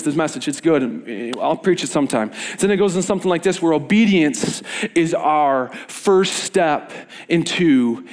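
Animated young man preaching to a youth group. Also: a little high. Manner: energetic, animated storytelling with laughs. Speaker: youth pastor. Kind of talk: sermon with storytelling.

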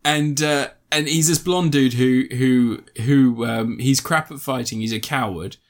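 A young man with a medium-pitched voice and a measured pace chats casually about a film he watched, like an informal film reviewer. He rambles and swears, often laughing and starting his sentences over.

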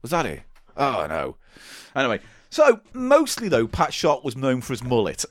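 Male co-host, sardonic, lively swooping delivery, dry close mic. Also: medium pitch, normal speed, no echo. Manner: sardonic, animated storytelling. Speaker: podcast co-host. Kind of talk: casual chat.

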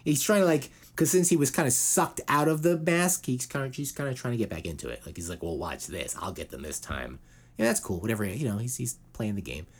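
A man hosting a casual podcast, rambling with lots of fillers and quick put-on quotes. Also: mid-range voice, breathy edge. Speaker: podcast host.

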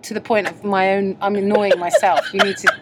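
Recorded at night on a moving train, a young woman who does stand-up and co-hosts a podcast chats casually with a medium-pitched voice. Her tone stays level and her pace is a bit fast. She mocks herself and laughs often over the train noise.

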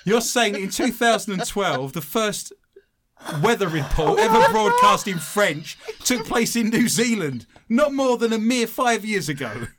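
Man hosting a joking quiz, very lively pitch. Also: measured pace, slight background noise. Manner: jokey, laughs at his own puns. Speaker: quiz host. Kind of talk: comedic podcast chat.

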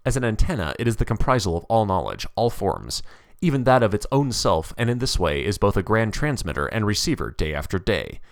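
An ancient male philosopher's spirit speaks in a low, measured, solemn voice, as a man reads him aloud. His lines rise and fall widely as he lectures. The sound is close and dry. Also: sing-song, no room sound. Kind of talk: dramatic reading of a story.

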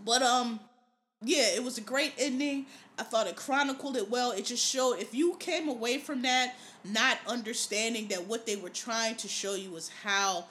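A woman hosting a podcast in a loose, profane monologue, her voice high and bright. She tells her stories with animation and laughs often, over a faint hiss in the background. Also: moderate pace. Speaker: podcast host.

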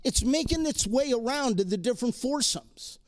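Guy with a high voice giving an inspiring talk to a crowd in a room, dramatic storytelling, hammers lines home. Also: lively intonation, moderate pace. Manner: dramatic storyteller, emphatic repetition. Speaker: speaker addressing an audience. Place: room with a live audience.

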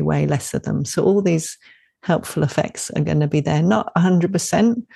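A woman author in a podcast conversation, talking warmly and enthusiastically, often laughing and acting out inner voices. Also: low voice, creaky, slightly rough, no echo, studio quality. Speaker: author and parenting instructor.

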